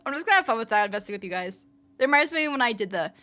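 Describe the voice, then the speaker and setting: A young woman with a fairly low voice chatting casually on a livestream, playful and laughing often. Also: lively intonation, a little fast, long pauses, pushed and bright. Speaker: streamer. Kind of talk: casual livestream chat reading comments.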